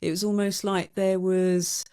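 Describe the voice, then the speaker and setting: A woman's voice: fairly low pitch, little pitch movement, a little slow, mellow, clear, resonant tone. A woman author being interviewed on a podcast, talking in a wry, candid way. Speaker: guest author. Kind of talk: conversational interview.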